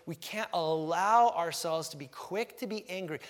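A man preaching a sermon as pastor, lively and acting out quoted thoughts with big jumps in voice. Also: moderate pace, big-room sound. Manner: animated, acts out quotes with big pitch jumps.

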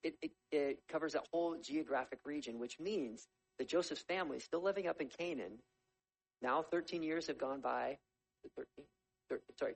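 A man preaching a sermon, reading scripture aloud and explaining it in a conversational, animated storytelling way. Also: mid-range voice, vocal fry, slightly rough, rough recording. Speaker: pastor.

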